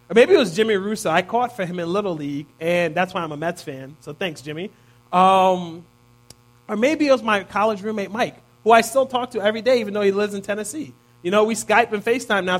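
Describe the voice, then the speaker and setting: A man in his thirties giving a conversational sermon, often checking in with listeners by asking "right?". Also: high-pitched. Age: 30s. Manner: casual, peppers points with "right?". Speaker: preacher.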